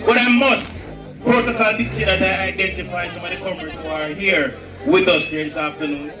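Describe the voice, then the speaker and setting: A Jamaican man emcees an outdoor political rally in a high, rousing voice. He shouts greetings into a PA system, and the sound comes from a distance, echoing, with music playing under him. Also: fairly even intonation, moderate pace. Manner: rousing, shouted call-outs.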